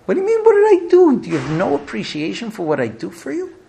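A man's voice: sing-song, fast talker, gravelly, a little hiss or hum, exaggerated voice. A man voicing a newlywed young wife who shrieks accusations at her husband. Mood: indignant. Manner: shrill, accusing outbursts.

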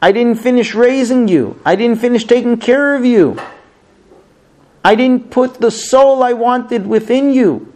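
Man doing a mourning old father, high voice, lamenting, bitter cries. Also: a little mellow. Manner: lamenting, crying out.

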